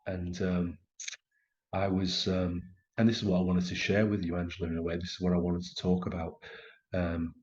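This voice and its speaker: A middle-aged man telling a personal story in a conversation, halting and emotional, with many restarts. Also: low-pitched, level tone, darkish tone, dull audio. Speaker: actor telling his story as a guest.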